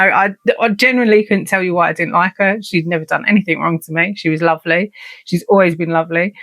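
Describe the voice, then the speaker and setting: A woman in her forties chats through a story from her past. Her voice has a gravelly edge, and she keeps it frank, full of swearing and laughter. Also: on the low side, a bit bright. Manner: frank and profane, laughs often. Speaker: podcast host. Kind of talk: casual personal storytelling.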